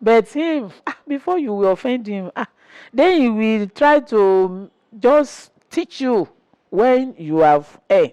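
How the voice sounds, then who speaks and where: Lady in her 60s, animated, acts out the quotes, highish voice, dry close sound. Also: slow pace, smooth, no echo, muffled recording. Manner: animated storyteller acting out quotes. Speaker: interview guest, wife. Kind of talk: storytelling interview chat.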